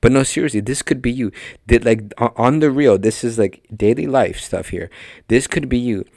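A man's voice: mid-range voice, moderate pace, gravelly, a little mellow, no echo, studio quality. A man teaching a conversational sermon on a podcast, emphatic and speaking straight to his listeners. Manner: emphatic, talks directly to listeners. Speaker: podcast preacher.

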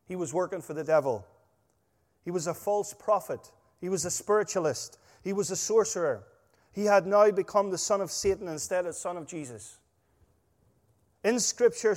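A man preaching a sermon, emphatic and full of stories, his volume swinging between loud stresses and quiet asides. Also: high-pitched. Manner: emphatic, storytelling, rising and dropping volume. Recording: long hall reverb.

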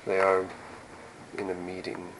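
A man voices a stiff human male mage official who answers in short, matter-of-fact lines. The voice sits low and barely moves in pitch. A steady noise runs under the recording. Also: measured pace.

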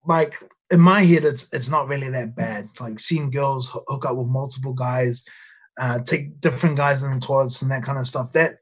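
A man's voice: mid-range voice, steady tone, normal speed, breathy edge. A man, a nightclub bouncer guesting on a podcast and telling stories in a loose, rambling way, swearing often and restarting his sentences. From New Zealand. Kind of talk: casual storytelling.

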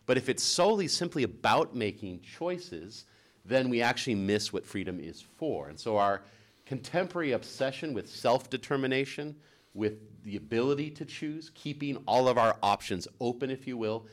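Co-hosting a Catholic talk show, this man is a chatty storyteller who teaches, laughs easily and keeps saying "right?". He speaks at a medium pitch, animated, at a moderate pace.

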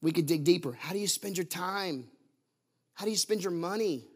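Pastor guy with a high voice, preaching hard, asks the church question after question, repeats stuff for emphasis. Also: normal speed, breathy edge. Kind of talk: sermon.

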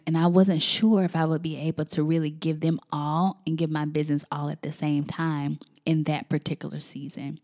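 A woman's voice: low-pitched, a little mellow. A woman in her thirties hosting a faith and family podcast, talking in an effusive, emotional, chatty way. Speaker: podcast host.

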